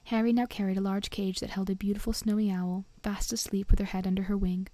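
A woman reading a storybook aloud in a soft, often whispered voice. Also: medium pitch, level tone, fast, no echo. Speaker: reader.

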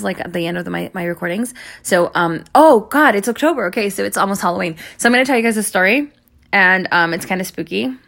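A woman's voice: medium pitch, vocal fry. A woman rambling to her listeners in a casual chat, full of likes and ums, swearing often and apologizing as she tells a story. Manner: apologetic, talks fast in bursts. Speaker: audio creator talking to listeners.

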